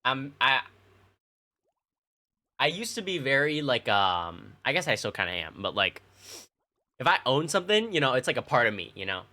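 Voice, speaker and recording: A man's voice: mid-range voice, very animated, moderate pace, pauses often, bright, forceful tone. A young man casually telling childhood stories to his stream chat, rambling and swearing with plenty of fillers. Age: young adult. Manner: rambling, profane, lots of fillers.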